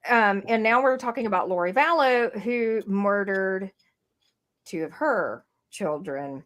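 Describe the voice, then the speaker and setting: A woman's voice: mid-range voice, animated, measured pace, fairly bright tone. A woman co-hosting a true-crime podcast, recapping a case in a rambling way with many fillers and restarts. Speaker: podcast co-host. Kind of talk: casual true-crime chat. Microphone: streamed podcast mic.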